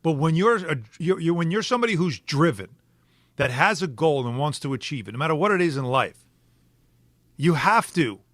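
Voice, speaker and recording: A middle-aged man hosting a sports talk show, questioning his co-hosts in an animated way with frequent restarts. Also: fairly high pitch, moderate pace, no echo, clean studio sound. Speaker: sports radio host. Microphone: studio microphone.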